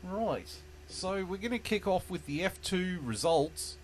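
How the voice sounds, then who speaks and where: A man's voice: high voice, animated, a little slow, a little hiss or hum. A man hosting a casual sports podcast, joking, swearing and laughing often. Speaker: podcast host. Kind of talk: casual chat.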